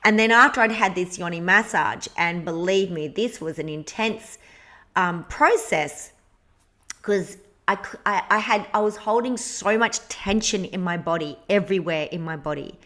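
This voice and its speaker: Animated woman hosting casually. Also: on the low side, moderate pace. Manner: animated, candid, swears freely. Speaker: podcast co-host. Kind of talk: casual conversational interview.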